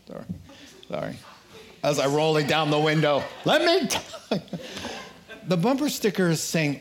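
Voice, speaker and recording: Animated slow-paced male preacher. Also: on the high side, slight background noise. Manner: animated, acts out characters in quotes. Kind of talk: sermon with a told joke.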